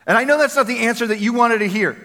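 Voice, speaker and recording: A man preaching a sermon as a pastor, energetic and conversational, repeating phrases for emphasis. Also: very high-pitched, fast. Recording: long hall reverb.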